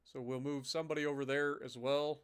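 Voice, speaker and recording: A man thinking aloud in casual commentary on a live strategy game, his throat a little rough and often cleared, with the odd curse. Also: mid-range voice, level tone, a little fast. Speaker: game streamer.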